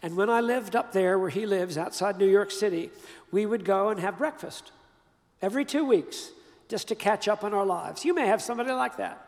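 An older man giving a sermon, telling a personal story in an emphatic, conversational way with pauses and restarts. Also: sits high, darkish tone, big-room sound. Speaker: preacher.

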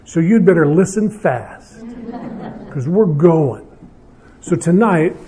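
A man's voice: on the high side, warm tone. An older man, a pastor, giving an evening marriage talk to an audience in a conversational, self-deprecating way with frequent restarts.

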